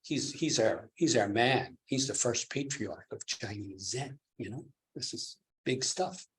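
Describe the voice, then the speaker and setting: A man's voice: mid-range voice, a little slow. A man teaching at a meditation retreat, giving a dharma talk with frequent chuckles and questions to his listeners. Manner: chuckling, keeps asking the listeners "do you see?".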